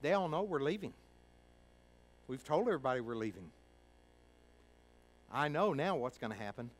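A man's voice: mid-range voice, lively intonation, normal speed, pauses often, low-quality recording. Folksy preacher man telling a story. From Kentucky. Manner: folksy, acts out quoted voices, swings from hushed to loud. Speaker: pastor. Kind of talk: sermon storytelling.

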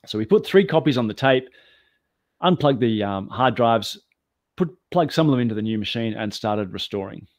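Male guest, mid-pitch, animated self-deprecating storyteller, dry close sound. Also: normal speed, no room sound. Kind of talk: anecdotal storytelling.

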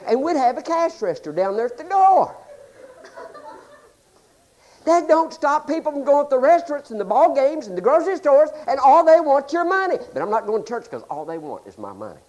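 Pastor, male, folksy and joking, voice leaps up and drops to near-hush, very animated pitch. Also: a little fast. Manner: folksy, joking, swings between loud and hushed. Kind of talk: humorous sermon.

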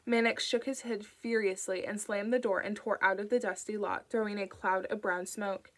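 A woman narrating an audiobook in a calm, even storytelling manner. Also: medium pitch, moderate pace, poor audio. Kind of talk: audiobook reading.

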